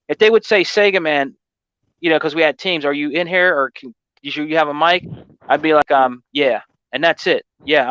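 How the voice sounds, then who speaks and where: Guy with a high voice rambling thru a gaming story, keeps saying man and you know what i mean, dry dull mic. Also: fairly bright tone, smooth, no room sound. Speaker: gaming channel host. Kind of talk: casual storytelling chat.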